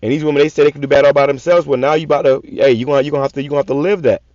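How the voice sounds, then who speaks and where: A man's voice: fairly high pitch, steady tone, rapid-fire, a little mellow, no echo. A man preaching scripture in a raw, profane style, repeating words in stammering runs and swearing often. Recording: dull lo-fi sound.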